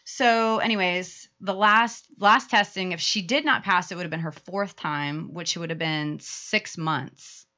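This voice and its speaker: A woman with a Southern US accent tells a heartfelt story in a casual chat as a podcast co-host. Her voice sits low and sounds bright and forceful. The audio is muffled and lo-fi. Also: unhurried, few pauses. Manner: animated, emotional storyteller.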